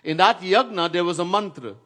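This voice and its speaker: A man's voice: high-pitched, a little fast, pushed and bright. A man giving a devotional lecture as a swami, telling stories and now and then chanting verses, stressing words by repeating them. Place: Trinidad.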